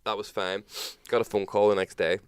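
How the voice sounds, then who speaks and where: A man with a Northern Irish accent hosting a talk show, telling a story in an animated, sweary, casual way. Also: fairly low pitch, brisk, clean tone, no echo. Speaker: podcast host.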